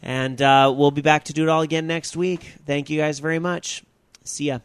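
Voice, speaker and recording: A man's voice: on the high side, flat delivery, moderate pace, noisy background. A man hosting a podcast, wrapping up the show in a casual, rambling way with many fillers. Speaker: podcast host.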